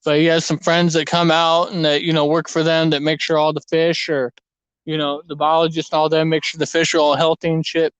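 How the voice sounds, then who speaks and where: A man's voice: fairly high pitch, a little fast, smooth, no room sound, poor audio. A young man telling rambling, profane fishing stories in casual chat outdoors at a lake. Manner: profane, rambling, animated storytelling. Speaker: fishing vlogger. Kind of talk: casual storytelling while fishing.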